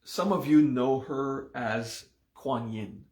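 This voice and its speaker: Slow, gravelly-voiced male meditation teacher. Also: medium pitch, darkish tone, echoey room. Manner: unhurried, often checks in with "okay?". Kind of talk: live class explaining a mantra and mudra.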